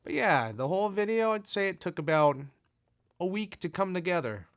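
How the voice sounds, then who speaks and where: A man's voice: sits high, very animated, normal speed, a bit bright, no echo, clean studio sound. A man who makes videos, chatting in an easygoing, self-deprecating way as he responds to fan letters. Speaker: video creator.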